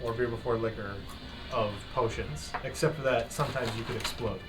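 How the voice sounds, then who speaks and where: A man runs a tabletop session, joking his way through the rules at an ordinary pitch. The mic sits some way off, and clear music plays behind his voice. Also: fairly even intonation, a little fast, far from the mic. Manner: laid-back, joking, laughs often. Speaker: game master. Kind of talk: running a tabletop game, casual chat.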